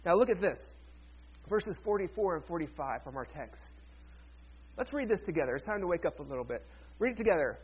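A man's voice: a little high, sing-song, fairly quick, pauses often, breathy edge, muffled recording. A man, a pastor, preaching a sermon in a conversational way with joking asides to the congregation.

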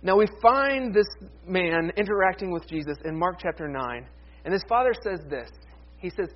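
A man preaching a conversational, animated sermon as pastor, with playful asides. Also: high voice, fairly quick, muffled recording.

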